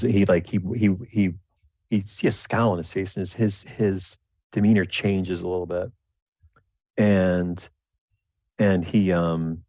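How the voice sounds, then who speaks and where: A man's voice: low-pitched, gravelly, a little mellow, breathy edge, no echo, lo-fi sound. A man narrating as game master of a tabletop game, rambling and repeating words as he goes.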